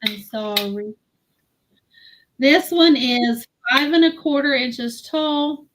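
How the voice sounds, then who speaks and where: A woman hosting a live-stream vintage sale, slowly admiring and describing glassware. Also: sits high, fairly bright tone. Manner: slow, admiring product descriptions.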